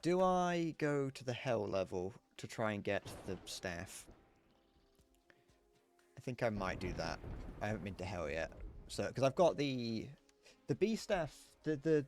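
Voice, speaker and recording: A young man from England with a southern English accent casually streams a game and reads his chat aloud, answering it. He mutters low to himself between brighter, self-deprecating replies. Faint background noise and clicks can be heard.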